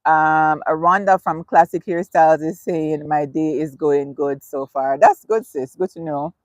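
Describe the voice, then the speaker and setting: A woman's voice: low-pitched, steady tone, measured pace, dry recording, highs cut off. A woman hosting a casual live stream, reading viewer comments aloud, chatty and laughing often. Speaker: livestream host.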